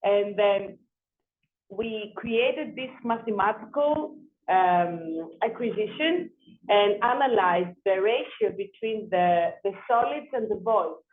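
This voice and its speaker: A woman architect telling a story in an interview, animated, often repeating and restarting her words. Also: mid-range voice, slow. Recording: tinny phone-like sound.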